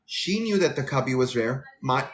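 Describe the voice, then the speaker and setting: A man who works as a flight attendant, telling a rambling, animated story on a live stream. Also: medium pitch, moderate pace, a little hiss or hum.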